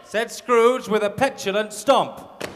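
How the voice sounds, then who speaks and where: Slow, high-voiced man narrator. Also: steady tone, background noise. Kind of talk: reading comic verse aloud on stage. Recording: church reverb with faint music.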